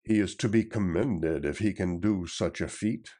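A man's voice: low voice, normal speed, dark tone. A man voicing a loyal, worried outlaw with a raised, anxious, questioning delivery. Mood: eager. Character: loyal, worried male outlaw, big and eager.

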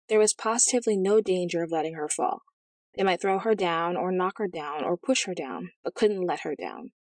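Woman reading a fairy tale, lowish voice, dead dry close sound. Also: no room sound. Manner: measured, gently expressive storytelling. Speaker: audiobook narrator. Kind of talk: scripted narration of a fairy tale.

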